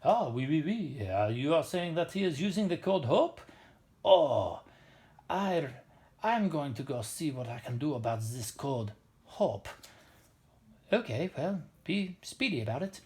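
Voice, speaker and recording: A fussy little helper T cell with an over-the-top mock French accent, as a man puts him on. He sounds like a cartoon from a classroom sketch, with a gravelly edge. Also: high-pitched, big pitch swings, moderate pace, few pauses, pitched above the performer's own voice, full character voice. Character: bumbling male helper T cell, fake French.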